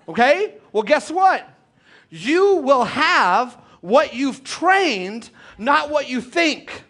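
Male pastor, high-pitched, energetic sermon delivery with call-outs to the congregation. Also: very slow. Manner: animated preacher, calls out to congregation.

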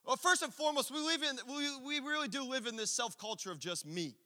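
High, bright-voiced preacher in a big hall. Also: male voice, fairly quick. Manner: energetic storytelling with acted-out quotes. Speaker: pastor. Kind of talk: sermon.

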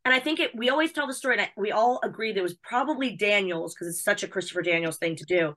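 A woman from the United States, a wrestling personality chatting as an interview guest, bubbly, excitable and chatty. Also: mid-range voice, fast talker. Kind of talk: casual chat.

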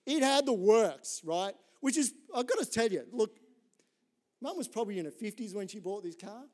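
A middle-aged man preaching a sermon in an animated, conversational way, telling a story and often checking in with "right?". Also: high-pitched, normal speed. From Australia. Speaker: pastor.

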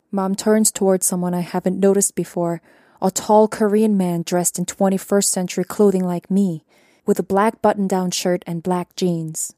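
Mellow-voiced woman narrating an audiobook. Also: medium pitch, no room sound, clean studio sound. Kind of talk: first-person audiobook narration.

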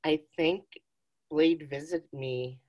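A woman's voice: low-pitched, slow pace, mellow. A woman co-hosting a casual podcast, telling rambling stories with giggles and plenty of swearing. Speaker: podcast co-host. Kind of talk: casual chat.

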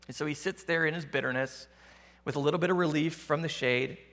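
A man preaching a sermon as a pastor, telling the story in a conversational, animated way with casual slang. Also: on the high side, fairly quick, in a large hall.

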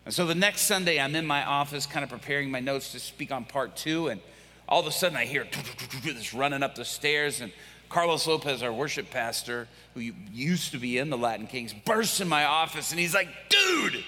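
A male pastor preaching, telling a story with lively acted-out quotes. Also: medium pitch, fairly quick, a little hiss or hum. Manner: animated, acts out quoted voices. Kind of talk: sermon storytelling. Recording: echoey hall.

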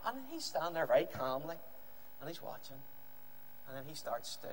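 A male preacher tells a Bible story to his congregation with lively, acted-out delivery. His voice sits high and swings widely in pitch. It carries through a reverberant hall with a faint background hiss. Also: moderate pace, long pauses. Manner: lively storytelling, acting out scenes. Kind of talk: animated children's Bible story.

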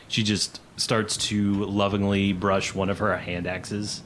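A man's voice: lowish voice, fairly even intonation, normal speed, few pauses, fairly bright tone, slight background noise. A man narrating a tabletop game as game master, playful and slipping into character voices.

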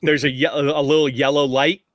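A man narrating as game master of a tabletop game, relaxed and rambling with frequent laughs. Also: on the high side, brisk, no room sound, studio quality.

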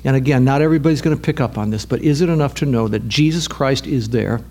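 A man preaching a sermon in an earnest way, repeating words and rising in pitch when stirred. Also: fast, a little mellow. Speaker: pastor.

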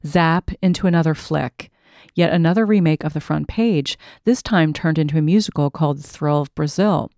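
A woman narrating her memoir as an audiobook in a wry, measured storytelling manner. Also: deep voice, darkish tone, no echo, studio quality.

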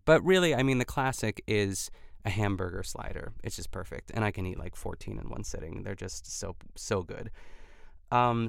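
A man's voice: lowish voice, gravelly, clean tone, dry recording, clean studio sound. A man hosting a podcast, recapping in casual chat and filling his talk with "like" and restarts. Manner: chatty, lots of "like" fillers and restarts. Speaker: podcast host.

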